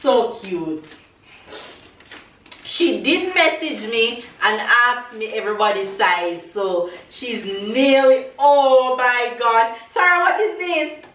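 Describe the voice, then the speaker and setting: A woman in her thirties from Jamaica, filming her family vlog at home and exclaiming excitedly over a gift package. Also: on the high side, slow, recorded from a distance. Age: 30s. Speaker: vlogger mother. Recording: roomy sound, away from mic.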